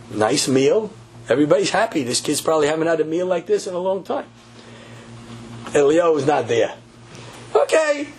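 A man telling a story in a sermon, animated and repeating phrases for emphasis. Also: fairly high pitch, slight background noise. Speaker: religious teacher.

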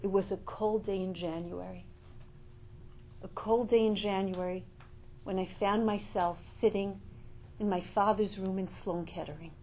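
A woman's voice: medium pitch, steady tone, unhurried, warm tone, slight background noise. An older woman giving an inspirational storytelling talk, emphatic and full of repeated rhetorical questions. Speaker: inspirational speaker.

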